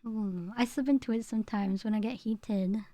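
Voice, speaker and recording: A woman's voice: fairly high pitch, normal speed, mellow, dry recording. A young woman, chatting casually with her stream chat, rambling and laughing as she goes. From England.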